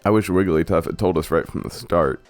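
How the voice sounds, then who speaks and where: A man's voice: low-pitched, brisk, no room sound, soft background music. A man voicing an eager young male explorer in a game, reading his lines in an earnest, plain way. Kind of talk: let's play dialogue reading.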